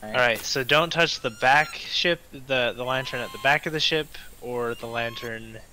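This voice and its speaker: A man with a bright, forceful voice leads his teammates in a relaxed gaming stream, telling them what to do and what to leave alone. Faint noise sits under his talk. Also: medium pitch, normal speed, low-quality recording. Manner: directing teammates, giving instructions. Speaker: streamer leading the crew. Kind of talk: casual gaming chat.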